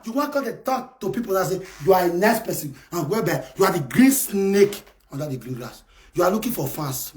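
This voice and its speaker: A man with a Nigerian accent ranting on a live stream, shouting, scolding and taunting. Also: high-pitched, slight background noise. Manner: shouting, scolding and taunting in Pidgin-laced English. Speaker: live video host. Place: abroad in France.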